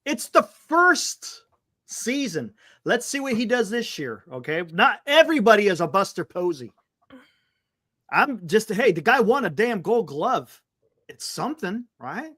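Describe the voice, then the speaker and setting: A man co-hosting a sports talk show in casual chat. His pitch leaps around as he gets animated, and his voice has a bright, forward edge. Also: dry recording, studio quality. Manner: animated, exclamatory, calming others down.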